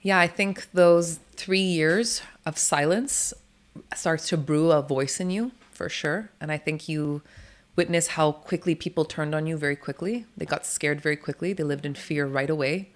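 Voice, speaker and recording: This doula's low voice moves at a normal speed while she's interviewed as a guest. Outspoken and animated, she swears in passing and often laughs between her points.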